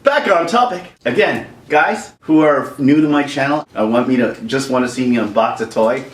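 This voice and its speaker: On his vlog, a vlogger from Canada recounts a comic childhood tale that wanders all over the place, sounding lively and full of jokes. His mid-range voice keeps a moderate pace, picked up by a distant mic with an echoey, roomy sound.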